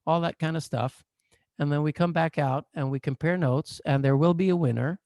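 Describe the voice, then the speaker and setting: A man coaching a workshop over a video call, explaining in a playful, animated, joking way. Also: fairly high pitch, moderate pace, no echo. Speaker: coach and therapist. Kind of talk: online workshop lecture.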